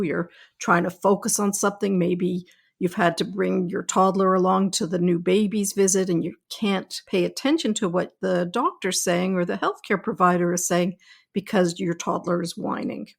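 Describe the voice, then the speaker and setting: A middle-aged woman pediatrician hosting a podcast, speaking in a calm, reassuring, explanatory way. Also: fairly low pitch, normal speed, vocal fry. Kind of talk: scripted podcast talk.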